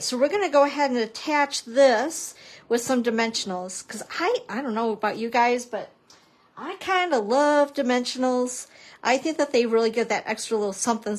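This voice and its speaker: A woman papercrafting instructor chatting through a casual live-stream craft demo, playful and self-mocking with joking asides. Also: fairly high pitch.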